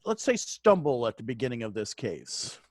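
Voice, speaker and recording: A man's voice: medium pitch, big pitch swings, moderate pace, a little mellow, dry recording. Wry stammering man, dry close sound. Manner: stammering restarts, wry humor. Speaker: podcast co-host. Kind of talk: casual true-crime chat.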